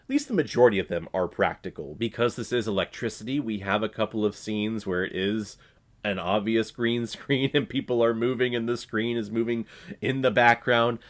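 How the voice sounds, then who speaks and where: A man's voice: lowish voice, normal speed. A man reviewing a film in a casual vlog, blunt and profane, often breaking into laughter. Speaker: movie reviewer.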